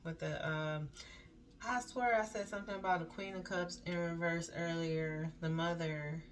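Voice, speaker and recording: Woman, tarot reader, deep low voice, chatty and rambling, faint background hiss. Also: steady tone, normal speed. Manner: chatty, loose, full of "like" and "um" asides; reads card text aloud, then riffs on it. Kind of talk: casual spoken tarot reading.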